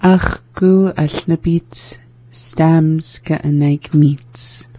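A woman's voice: low-pitched, fairly even intonation, extremely slow, mellow, dry recording. A woman carefully repeating phrases during a radio language lesson.

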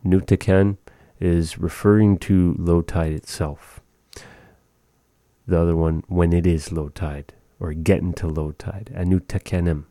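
Male language teacher, low dark voice, unhurried, dry close sound. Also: dry recording. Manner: relaxed, chatty, repeats words slowly. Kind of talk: casual language lesson.

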